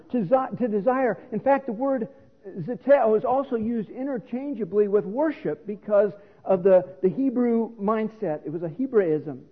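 A middle-aged pastor preaches a sermon, explaining scripture earnestly as if teaching. His voice is high-pitched and husky, recorded in a reverberant hall over what sounds like a phone line.

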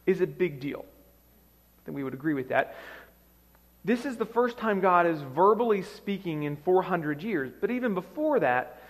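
A man preaching a sermon as pastor, telling the story dramatically with shifting loudness, in a church sanctuary. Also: high-pitched. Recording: long reverb of a large hall.

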